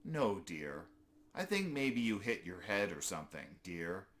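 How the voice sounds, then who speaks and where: A man voicing a sweet, very old grandmotherly female squirrel who speaks gently and kindly, calling everyone dear. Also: lowish voice, very animated, unhurried, a little hiss or hum.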